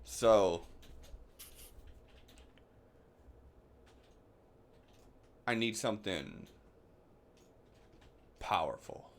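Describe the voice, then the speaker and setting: A man playing a domineering older warrior father in a tabletop game, speaking low and muttering with a curt, dismissive edge. His voice sits deep. Short demands come out half under his breath. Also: unhurried, fairly bright tone. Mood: demanding.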